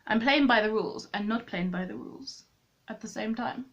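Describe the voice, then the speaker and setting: A woman's voice: a little high, moderate pace, fairly bright tone, highs cut off. A woman chatting through a makeup tutorial, thinking aloud and correcting herself as she goes. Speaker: beauty vlogger.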